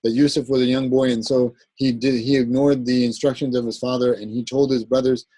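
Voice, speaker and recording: A man's voice: mid-range voice, flat delivery, a little fast, dark tone, husky, no room sound, low-quality recording. A man teaching an Arabic grammar class, explaining step by step and often checking with the class. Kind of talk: classroom lecture.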